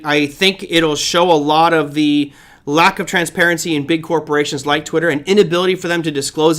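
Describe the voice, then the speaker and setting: A middle-aged man with a fairly high voice hosts a live trading stream. He talks through the markets casually, thinks aloud and reads viewer comments as he goes. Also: a bit bright. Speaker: trading show host.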